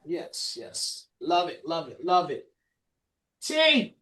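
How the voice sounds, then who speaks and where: High-voiced emphatic male podcast host. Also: wildly swooping pitch, pushed and bright. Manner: emphatic, deliberate when making a point. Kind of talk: casual discussion.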